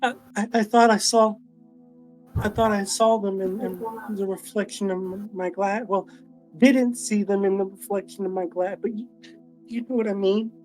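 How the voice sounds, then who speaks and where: A man voicing a frightened teenage high-schooler who stammers and talks haltingly, in a tabletop game. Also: fairly even intonation, a little mellow, soft background music, lightly acted, low-quality recording. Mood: shaken.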